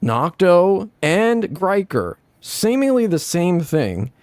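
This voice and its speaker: Mid-pitched man in a heated panel argument, dry close sound, presses his point and talks over people. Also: big pitch swings, slow pace, a little mellow, dry recording. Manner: accusatory, insistent, talks over others. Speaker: panel guest.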